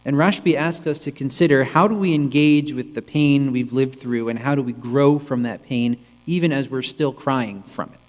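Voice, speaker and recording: A male rabbi giving a reflective, measured sermon, with pauses, in a synagogue sanctuary. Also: medium pitch. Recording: long reverb with mains hum.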